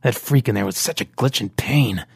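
A man voicing a wounded young male fighter with a labored baritone voice and dry humour. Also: moderate pace, gravelly, slightly rough, no echo, exaggerated voice. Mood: weary.

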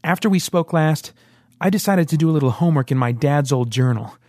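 A man reading an audiobook, voicing a young woman who argues, then pleads in fear, in a raised emotional pitch. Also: moderate pace, vocal fry, dark tone, no room sound, studio quality. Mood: bitter, pleading.

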